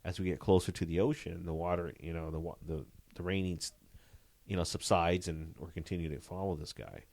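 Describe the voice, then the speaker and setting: Deep-voiced man telling a police story. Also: fairly quick, creaky, dry recording. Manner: animated, full of "you know" fillers. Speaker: police detective guest. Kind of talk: casual storytelling interview.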